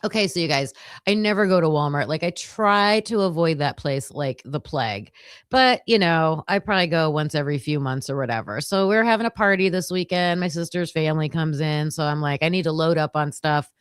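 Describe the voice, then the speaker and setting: A woman's voice: sits low, fairly quick, clear, resonant tone, dry recording. Chatty woman hosting a livestream, dry sound. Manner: chatty, animated storyteller. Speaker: livestream host covering a trial. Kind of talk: casual chat to viewers.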